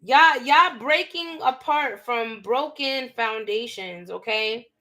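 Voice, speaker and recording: Young female tarot reader, high and bright, animated, slangy, addresses viewers directly. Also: slow. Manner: animated, emphatic, slangy, talking straight to viewers. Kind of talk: live tarot reading.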